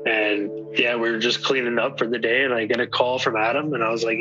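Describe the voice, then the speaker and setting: A man, the victims' eldest son, retelling events casually in quick bursts. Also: medium pitch, little pitch movement, over music. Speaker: interviewee, older brother. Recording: dull lo-fi audio.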